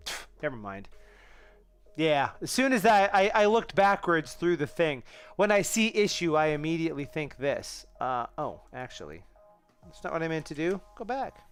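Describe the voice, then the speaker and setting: A man's voice: fairly high pitch, a bit bright, clear, resonant tone. A man hosting a casual live coding stream, thinking aloud and chatting with viewers in a rambling way, with restarts and asides.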